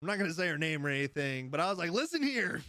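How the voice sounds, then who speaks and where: This male livestream host talks casually in a slightly raised, high, bright voice with a forceful edge, racing along at high energy. He's an easygoing, rambling storyteller who laughs a lot and responds to chat, recorded dry in a room with no echo.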